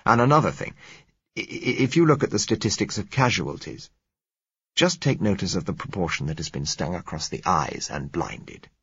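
A man's voice: low-pitched, sing-song, normal speed, a bit bright, breathy edge, no echo, heavily acted. A man reading the lines of an earnest man who argues his theories at length, in a lecturing way. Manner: argumentative, lecturing. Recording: muffled lo-fi recording.

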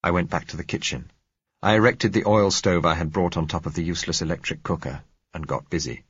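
A man narrating an audiobook in a measured, dramatic reading. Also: sits low, steady tone, breathy edge, no echo. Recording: dull, dry recording.

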